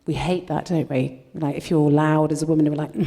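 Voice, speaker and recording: A woman's voice: low voice, steady tone, a little fast, mellow. A woman guest comedian chatting on a live comedy podcast, brash and self-mocking. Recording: noisy live recording.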